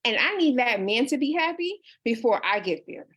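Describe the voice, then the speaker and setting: A woman's voice: a little high, big pitch swings, moderate pace, a bit bright, breathy edge, lo-fi sound. A woman in her thirties, a life coach, talking casually and earnestly on a livestream, reading out viewer comments. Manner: earnest and personal, with many restarts and "you know". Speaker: life coach hosting a book discussion.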